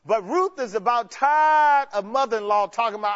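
High-pitched guy preaching, playful and lively, kinda muffled lo-fi audio. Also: normal speed, hardly any pauses, in a large hall. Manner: lively, playful, acts out the characters in vernacular. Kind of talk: sermon. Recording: dull lo-fi sound.

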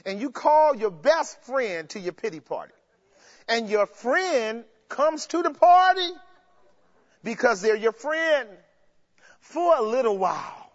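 A man preaching a sermon in a lively, playful way, acting out the characters in everyday speech. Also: very high-pitched, long reverb tail. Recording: dull lo-fi sound.

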